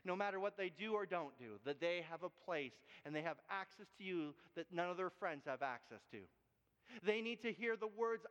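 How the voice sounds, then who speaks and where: A man's voice: high-pitched, moderate pace, fairly bright tone, in a large hall, dull audio. A man preaching a sermon as pastor, telling a story and speaking earnestly to fathers.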